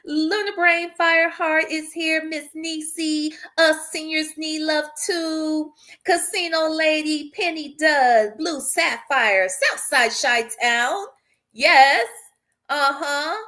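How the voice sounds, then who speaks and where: A woman hosting a casual live stream, greeting viewers one by one in an animated, chatty way and chuckling often. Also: high-pitched, slow. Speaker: livestream host.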